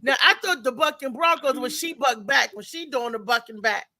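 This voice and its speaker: Lively high-voiced woman host telling stories. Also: moderate pace. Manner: animated storyteller, mimics voices, laughs often. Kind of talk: casual live chat show banter.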